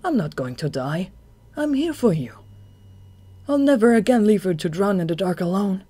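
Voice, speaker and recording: A narrator voicing a steady, protective young man, speaking earnestly and firmly in a fan audiobook. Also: medium pitch, normal speed, pitched above the performer's own voice, lightly acted. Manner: earnest, firm.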